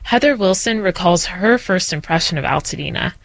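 A woman reporter reading a scripted news narration in a measured, clear delivery. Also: lowish voice, animated.

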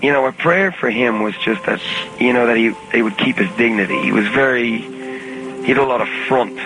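Male interviewee, halting and soft-spoken, on an archival phone tape with music under it. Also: medium pitch, low-quality recording. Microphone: phone call recording.

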